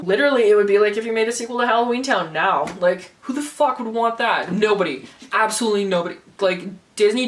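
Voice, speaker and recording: A young woman rants about a book in a casual vlog, sarcastic, swearing freely and laughing as she goes. Her voice sits at an ordinary pitch and comes from a little way off the mic. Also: recorded from a distance. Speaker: book review vlogger.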